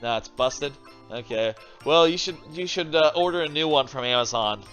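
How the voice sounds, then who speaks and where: A man's voice: fairly high pitch, animated, moderate pace, a bit bright, soft background music. A man casually commentating a video game stream from his home desk, rambling and thinking aloud, swearing now and then. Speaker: streamer playing video games. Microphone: desk microphone.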